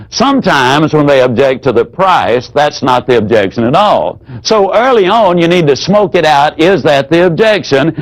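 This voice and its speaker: A man teaching a sales training seminar in a folksy, demonstrative way. He drops his voice low whenever he acts out an example. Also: poor audio.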